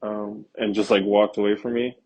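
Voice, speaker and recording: A man's voice: on the low side, flat delivery, moderate pace, warm tone, muffled recording. A young man, telling a rambling, profane story in a casual podcast monologue. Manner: rambling, profane, laid-back. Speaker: podcast host.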